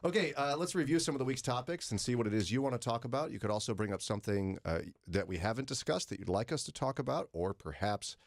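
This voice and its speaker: A man's voice: mid-range voice, animated, quick pace, few pauses. A man hosting a morning radio show, chatting and joking with guests and reading out phone numbers. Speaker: radio host.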